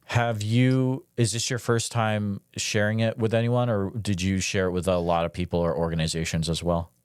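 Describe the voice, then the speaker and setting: A man with a very low voice hosts a podcast, working through detailed questions one by one in a calm, methodical way. His voice is deep, and the recording is dry and close, with no room echo. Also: moderate pace, smooth. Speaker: podcast host, interviewer.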